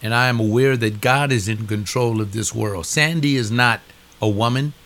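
A man's voice: medium pitch, moderate pace, a bit bright. An older man delivering a preaching monologue, emphatic, repeating phrases with a rising preacher's cadence.

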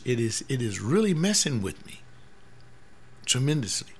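A man's voice: mid-range voice, sing-song, moderate pace, long pauses, slightly rough. A man in his seventies, a pastor, talking earnestly in a rambling personal monologue, often repeating words. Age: 70s.

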